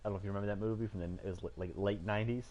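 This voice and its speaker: A man chatting casually while he plays a game, rambling through stories and jumping into animated voices for the people he quotes. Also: lowish voice, rapid-fire. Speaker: gaming streamer. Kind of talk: casual chat while gaming.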